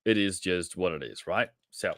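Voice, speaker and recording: A man's voice: low voice, normal speed, a bit bright, dry recording, studio quality. A man hosting a casual live trading stream, chatting directly with viewers and calling them mate and brother. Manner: chatty, addresses viewers directly, many restarts.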